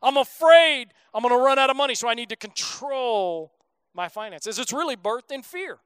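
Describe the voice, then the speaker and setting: A man in his thirties delivers a sermon with a strikingly high, smooth voice. He keeps it casual and conversational and slips in jokes as he preaches. The sound is close and dry, with no room echo. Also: lively intonation, normal speed, a bit bright. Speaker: pastor.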